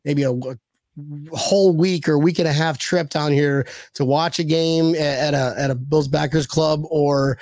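A man's voice: fairly high pitch, steady tone, normal speed, a little mellow, no room sound, clean studio sound. A man hosting a casual podcast, joking and upbeat. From United States. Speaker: podcast host.

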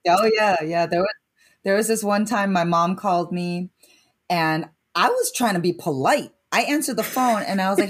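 A mid-pitched woman co-hosts a casual podcast. She tells stories with animation and curses freely. Between her stories she keeps up a steady run of short agreeing replies. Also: normal speed. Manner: animated storyteller, swears, backchannels with "yep".

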